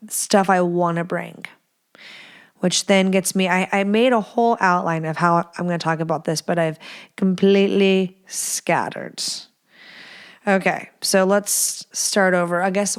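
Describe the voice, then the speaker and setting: Woman, podcast host, low-ish voice, blunt, swears a lot, rambling casual chat. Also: clean tone. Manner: blunt and profane, rambling with restarts. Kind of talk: casual solo podcast monologue.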